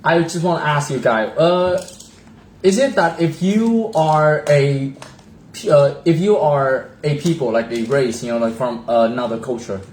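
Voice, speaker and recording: Brief: casual male co-host, slightly high voice, stumbling for words, roomy echo, faint hiss. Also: unhurried, darkish tone. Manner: hesitant, searching for words. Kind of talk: casual chat. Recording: echoey room with faint hiss.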